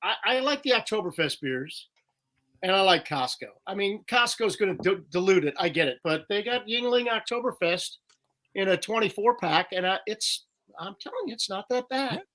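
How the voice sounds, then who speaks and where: A man's voice: high-pitched, normal speed, low-quality recording. A Midwestern man, a guest sports reporter, joking wryly in a casual chat from his basement. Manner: jokey, wry, animated. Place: home basement.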